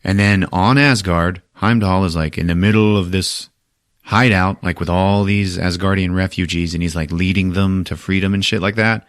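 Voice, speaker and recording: A man's voice: low-pitched, fairly even intonation, normal speed, dry recording, studio quality. A man hosting a podcast, casually recapping a movie in a profane, laughing way. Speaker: podcast host.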